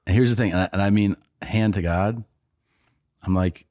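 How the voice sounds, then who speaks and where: A man's voice: lowish voice, moderate pace, a little mellow, no room sound, studio quality. A man on a podcast, casually telling a long story, acting out other people's lines and laughing often. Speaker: podcast co-host and comedian.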